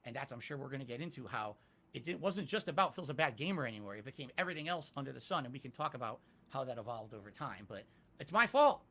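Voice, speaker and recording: A man answering interview questions candidly, self-critical and emphatic, rising to loud peaks. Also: mid-range voice, very animated, fast. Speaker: interviewee, YouTuber.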